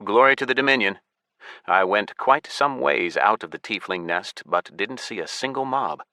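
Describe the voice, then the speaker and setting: A man reads a first-person audiobook, his voice low-pitched with a bright, forward edge. He tells the story in a wry, matter-of-fact way, recorded dry and close in a studio. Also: lively intonation, measured pace, vocal fry, dry recording. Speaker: audiobook narrator. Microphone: close studio mic.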